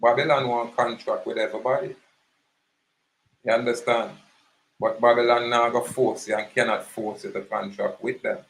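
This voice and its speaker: A man's voice: mid-range voice, flat delivery, moderate pace, fairly bright tone, poor audio. A man with a Jamaican accent giving an impassioned, preachy monologue, emphatic and repetitive. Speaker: activist speaker.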